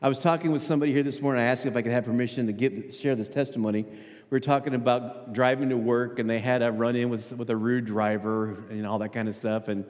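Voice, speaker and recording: A man's voice: mid-range voice, steady tone, quick pace, a little mellow. A male pastor preaching a conversational sermon, asking the congregation questions and often repeating his words. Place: church sanctuary. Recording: hall with long reverb. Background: long hall reverb.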